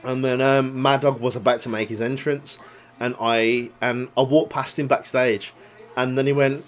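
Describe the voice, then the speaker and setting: Speaking at a normal speed in a steady, mid-range voice, a young adult man tells a story about a grudge in relaxed chat. He swears a lot and keeps laughing while he tells it.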